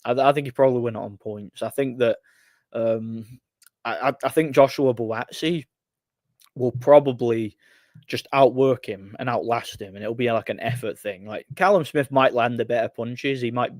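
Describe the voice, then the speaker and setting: A man's voice: medium pitch, moderate pace, a little mellow, no room sound. A man hosting a casual livestream and answering chat questions, rambling with lots of repeated words and fillers.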